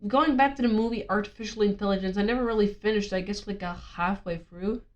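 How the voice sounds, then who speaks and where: A woman's voice: medium pitch, fast talker, dull audio. A woman vlogger ranting casually, rambling and sarcastic, swearing often.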